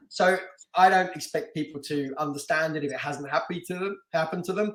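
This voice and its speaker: A middle-aged man originally from London tells a story as a podcast guest. He is animated, laughs often and restarts his sentences. His voice sits a little high and carries some room echo. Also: normal speed. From London, England. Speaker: podcast guest, martial artist and stunt actor. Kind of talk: casual storytelling interview.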